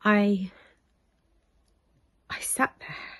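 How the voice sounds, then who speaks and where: Husky British woman, half-whispering. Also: medium pitch, level tone, dry recording. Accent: British English. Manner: emotional, halting, often near a whisper. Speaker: vlogger. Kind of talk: personal storytelling vlog.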